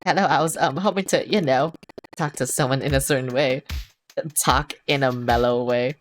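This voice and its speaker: A woman's voice: a bass voice, moderate pace, faint music behind. A woman reading a lonely, sheepish hotline caller. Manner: hesitant, sheepish rambling.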